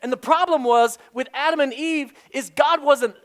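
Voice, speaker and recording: A male pastor preaching a sermon emphatically, repeating a key phrase and swinging from loud, raised delivery down to a hushed, quiet tone. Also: very high-pitched, moderate pace.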